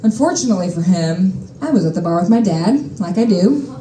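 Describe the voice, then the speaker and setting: A woman's voice: fairly low pitch, lively intonation, fairly quick, echoey room, heavy background noise. Wry, exasperated woman telling a story. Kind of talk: live personal storytelling. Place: stage at a live storytelling show.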